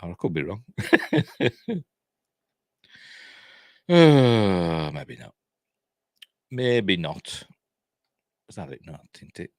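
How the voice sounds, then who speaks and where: A man's voice: low-pitched, sing-song, very slow, long pauses, darkish tone, dry recording, clean studio sound. A man with a Yorkshire accent hosting a live news stream, reading headlines and wandering off into chatty, self-deprecating asides with mild swearing. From Yorkshire, England. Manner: rambling and chatty, reads headlines then goes off on asides; self-deprecating, swears mildly, laughs at his own jokes.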